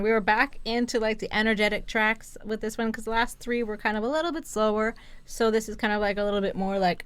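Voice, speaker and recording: A woman's voice: fairly high pitch, fairly bright tone, clear, resonant tone, dry recording. A woman co-hosting a podcast, chatting casually about an album in an easygoing way with many fillers. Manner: easygoing, lots of "like" and "um". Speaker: podcast co-host. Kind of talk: casual album review chat.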